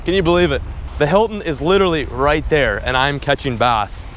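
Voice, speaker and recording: A young man vlogging a fishing trip in casual chat, who gets loud and excited when fish bite. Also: on the high side, brisk, a little hiss or hum. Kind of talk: casual vlog narration. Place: outdoors at city ponds, later in a car.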